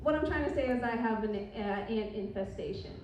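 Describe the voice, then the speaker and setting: High-voiced woman comic, far and echoey. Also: a little fast, darkish tone, a little hiss or hum. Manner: rambling, self-interrupting delivery. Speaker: stand-up comedian. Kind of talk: stand-up set at open mic. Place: bar with live audience. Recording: echoey bar, recorded from far off.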